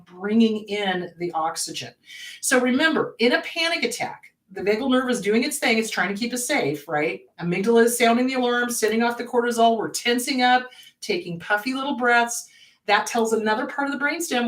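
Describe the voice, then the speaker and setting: Animated woman therapist, roomy echo. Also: fairly high pitch. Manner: animated, acts out panicked inner voices. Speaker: therapist and show host. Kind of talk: casual educational talk. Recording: roomy echo, distant from mic.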